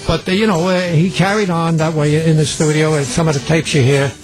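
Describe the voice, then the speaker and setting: A man's voice: fairly high pitch, steady tone, a little fast, music in the background, rough recording. An older man recalling his recording studio days in a chatty storytelling way, with chuckling asides. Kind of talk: archival interview recollection.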